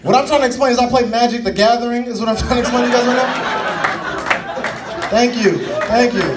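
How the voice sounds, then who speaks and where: A young adult male stand-up comedian performing a set in a comedy club. He is animated, addresses the crowd directly and chuckles through his punchlines. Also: very high-pitched, fast talker, heavy background noise. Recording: distant stage mic with crowd laughter.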